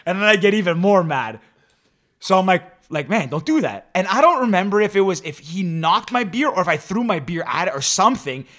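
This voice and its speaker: A man's voice: sits high, lively intonation, a little fast, fairly bright tone. A young man co-hosting a podcast, casually telling a funny travel story and acting out the quotes with laughs. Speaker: podcast co-host.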